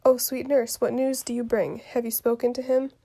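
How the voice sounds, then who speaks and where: A woman reading the part of an impatient lovesick teenage girl aloud from a play, quiet and soft with some words whispered. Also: fairly high pitch, level tone, moderate pace, creaky. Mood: eager.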